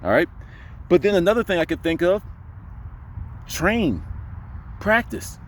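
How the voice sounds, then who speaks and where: A young man giving casual voice advice to camera, emphatic and full of rhetorical questions, sometimes dropping into a deep voice to demonstrate. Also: big pitch swings, unhurried, slight background noise. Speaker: voice coach vlogger.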